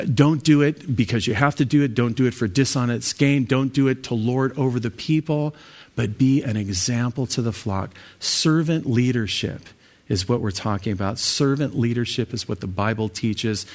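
A man's voice: mid-range voice, normal speed. A man leading an evening Bible study as pastor, talking through scripture in a conversational way with fillers and restarts.

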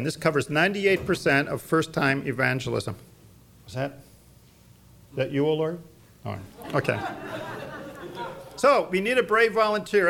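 A man's voice: a little high, a bit bright. Emphatic middle-aged male evangelism teacher. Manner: emphatic, quizzes audience with fill-in-the-blank questions. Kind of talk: church teaching talk.

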